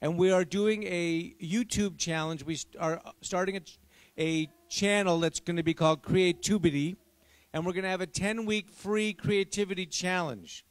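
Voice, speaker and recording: A man's voice: high-pitched, steady tone, normal speed, no echo. A man who writes children's books, giving playful, coaxing instructions to a young audience at a live library event. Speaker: children's author and performer.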